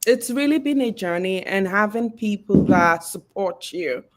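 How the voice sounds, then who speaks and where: Emotional woman guest in her 30s, slow, soft-spoken, fighting tears, video call. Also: mid-range voice, expressive. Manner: soft-spoken, hesitant, grateful. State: emotional, holding back tears. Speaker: author guest. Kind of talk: interview over video call.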